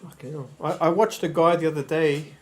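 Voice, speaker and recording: A man's voice: a little high, fairly even intonation, brisk, darkish tone, faint music behind. Rambling, foul-mouthed male streamer. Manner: rambling and profane, with frequent stammered restarts. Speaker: livestreamer. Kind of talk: casual livestream chat.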